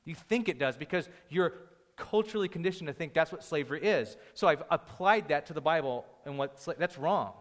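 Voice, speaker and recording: A man's voice: a little high, expressive, a little fast, hardly any pauses. A man preaching a sermon, conversational and joking with the congregation. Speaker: pastor. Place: church hall. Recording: long hall reverb.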